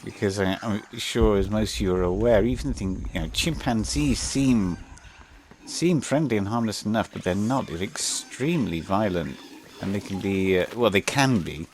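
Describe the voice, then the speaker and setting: A man rambles through casual gameplay commentary, hesitating and restarting often. His voice sits a little low. Faint background noise runs under him. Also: moderate pace.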